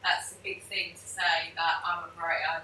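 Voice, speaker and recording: A woman hosting a podcast interview, asking gentle, supportive questions. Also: fairly low pitch, little pitch movement, brisk, a little hiss or hum. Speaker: podcast host. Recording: echoey room, mic at a distance.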